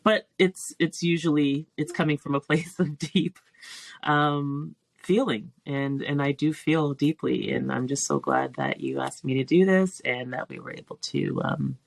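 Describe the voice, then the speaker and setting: A woman's voice: sits low, animated, measured pace, creaky, no room sound. A woman in her forties, a teacher and filmmaker, talking as a podcast guest in a heartfelt, searching way with restarts. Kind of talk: reflective podcast interview.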